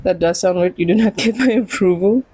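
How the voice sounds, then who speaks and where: A woman's voice: mid-range voice, brisk, dark tone, husky, dry recording, poor audio. A woman streamer chatting casually while gaming, rambling and giggling often. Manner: giggly and rambling, with frequent laughs and restarts. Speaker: game streamer.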